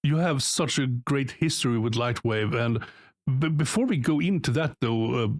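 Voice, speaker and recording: A man's voice: medium pitch, lively intonation, normal speed, dry recording, studio quality. A man co-hosting a podcast and interviewing a guest in casual chat, hesitant with many filler sounds.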